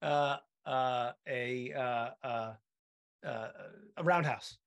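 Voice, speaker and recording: A man co-hosting a podcast over a video call, chatting casually and halting often with filler sounds. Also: medium pitch, creaky, a bit bright, smooth. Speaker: podcast co-host. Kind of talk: casual chat.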